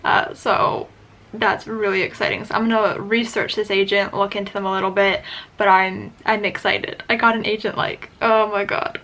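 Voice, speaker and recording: A woman vlogging casually to camera, chatty and excitable with lots of filler words. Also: medium pitch, moderate pace. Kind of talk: casual vlog talk to camera.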